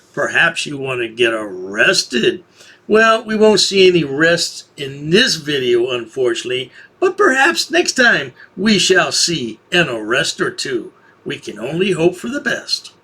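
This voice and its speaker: Sarcastic husky-voiced man mocking. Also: on the high side, pushed and bright. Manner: sarcastic, taunting. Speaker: commentary channel host. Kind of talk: mocking video commentary.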